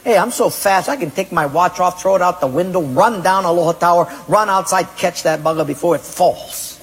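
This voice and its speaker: A man voicing a boastful fellow in a joke, bragging about how fast he is, in a husky voice with hall echo. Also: high-pitched. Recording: echoey hall reverb.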